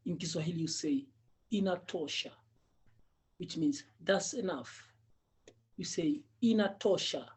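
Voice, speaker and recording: A man's voice: high-pitched, measured pace, pauses often. A man teaching Swahili, patiently drilling each word many times and chuckling often. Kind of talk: language lesson drilling.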